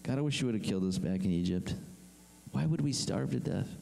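Male pastor, animated conversational sermon, mellow tone, reverberant hall sound. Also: lowish voice, a little fast, creaky. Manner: animated preaching, acts out complaining voices.

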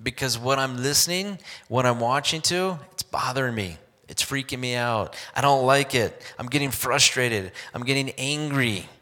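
A man preaching a sermon, telling a Bible story in an animated way and acting out the characters' lines. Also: mid-range voice, moderate pace, hardly any pauses. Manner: animated storytelling with acted-out quotes. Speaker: pastor. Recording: long hall reverb.

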